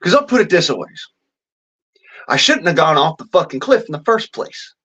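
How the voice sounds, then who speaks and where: A man's voice: fairly high pitch, very animated, normal speed, bright, forceful tone, breathy edge. A man ranting in a vlog, swearing constantly in a blunt, rambling way with folksy slang. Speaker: vlogger.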